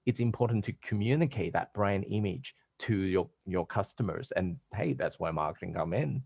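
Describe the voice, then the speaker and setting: A man's voice: low-pitched, normal speed, gravelly, darkish tone, breathy edge, dry recording, highs cut off. A man hosting a podcast in casual conversation over a video call, talking in a rambling, hesitant way with many restarts. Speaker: podcast host.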